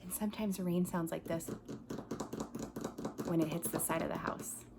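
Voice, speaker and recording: Her voice is on the low side and creaky, with fairly even intonation and a moderate pace, over background noise. A pre-K teacher at home beside a coffee table, she reads a picture book aloud to young children, imitating the animals and asking them to join in. Quiet passages bring her down to a whisper.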